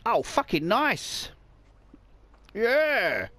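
Man, game commentary, slow drawl, pitch swinging all over, frequent swearing. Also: huge pitch swings, bright, forceful tone. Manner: swears often, mutters and exclaims at the game. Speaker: let's play gamer. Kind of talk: casual gameplay commentary.

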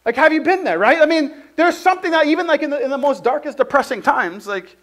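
A man's voice: extremely high pitch, fast talker. A man preaching a sermon in a casual, conversational way, telling a personal story and often saying "like". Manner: conversational, heavy use of "like", animated storytelling.

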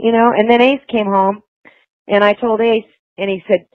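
A woman's voice: medium pitch, steady tone, normal speed, dry recording. A woman guest in a phone interview, talking in an emotional, rambling way with many restarts. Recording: tinny dry phone line.

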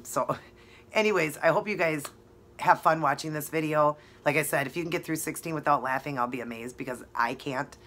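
Deep-voiced woman vlogger, chatty and giggly, fighting back laughter as she talks. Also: fairly bright tone, a little hiss or hum. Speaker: beauty vlogger. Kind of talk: casual vlog chat.

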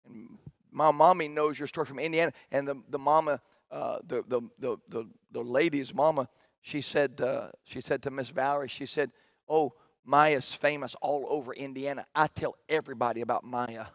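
A middle-aged man, a pastor preaching a sermon that swings between shouted emphasis and quiet storytelling. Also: mid-range voice, fairly even intonation, moderate pace, dry recording, clean studio sound.

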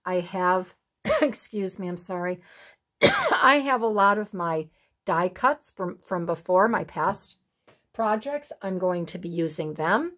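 A woman's voice: lowish voice, big pitch swings, takes it slowly, fairly bright tone. A middle-aged woman hosting a craft video, chatting casually in a rambling, folksy way while she works in her craft room.

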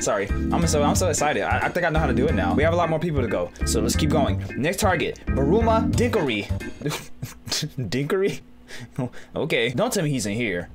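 Excitable man narrating a video game. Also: on the high side, moderate pace, over loud music. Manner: excitable, jokey, talks to the game characters. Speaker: gaming YouTuber. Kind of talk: let's-play commentary.

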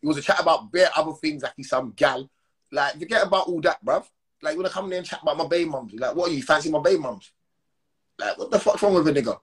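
A man holds forth on a phone livestream. His voice is husky and sits a little high for a man. His delivery is heated, slangy and full of repeated call-outs. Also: lively intonation, fast talker. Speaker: Instagram live streamer. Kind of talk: confrontational live-stream rant.

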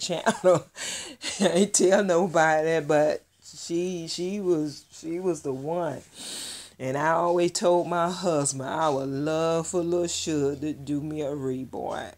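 Slow, gushing woman vlogger. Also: sits low, fairly even intonation, a little mellow. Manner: gushing, heartfelt and chatty. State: close to tears. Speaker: doll collector vlogger. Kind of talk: casual vlog reveal.

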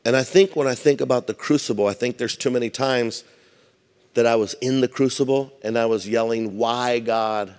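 Man, pastor, conversational sermon, mid-pitched voice, long hall reverb. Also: fairly quick, darkish tone. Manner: conversational preaching, humorous asides. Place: large church hall.

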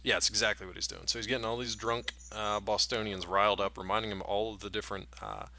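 Man, podcast co-host, casual chat, bright tone, animated retelling. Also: lowish voice, quick pace, a little hiss or hum. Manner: animated, jokey retelling with acted-out quotes.

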